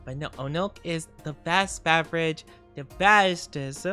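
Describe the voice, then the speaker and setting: A woman's voice: sits low, unhurried, sharp tone, faint music behind. A tired woman streamer rambling and giggling in casual chat, greeting viewers as she goes.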